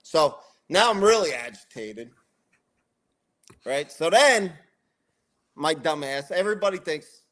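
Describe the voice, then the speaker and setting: A middle-aged man with a slightly high voice tells a story on a podcast. He rants, swears often and keeps the story moving with animated energy. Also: slow, pauses often. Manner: profane, animated ranting storyteller. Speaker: podcast co-host. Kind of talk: casual chat, storytelling.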